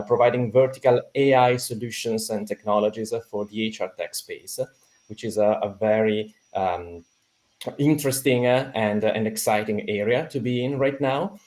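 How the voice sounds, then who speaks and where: Italian-accented man, halting guest. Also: on the low side, darkish tone. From Italy. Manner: hesitant, many fillers and restarts. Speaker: podcast guest. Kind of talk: conversational interview.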